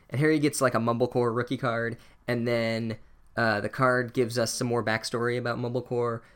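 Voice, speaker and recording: A young man giving a sarcastic, profane comedic book recap with wry asides. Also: medium pitch. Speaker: podcast host reviewing a book.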